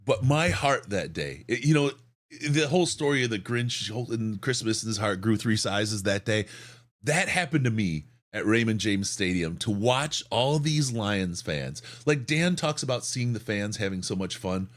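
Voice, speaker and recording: A man co-hosting a sports podcast who tells an excited story in a hoarse voice, often repeating words. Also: on the low side, normal speed. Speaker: podcast co-host.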